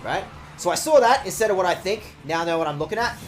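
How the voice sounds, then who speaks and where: Casting: male game streamer, lively pitch swings, sarcastic banter, salty language. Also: quick pace, slight background noise. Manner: animated, sarcastic, swears often. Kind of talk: casual game streaming chat.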